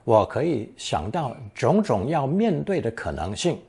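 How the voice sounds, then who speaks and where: Brief: man, lesson narrator, unhurried delivery, slightly husky tone, very lively melody. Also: mid-range voice. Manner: slow and deliberate, reading example sentences and translating them. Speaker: language teacher. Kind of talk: scripted language lesson narration.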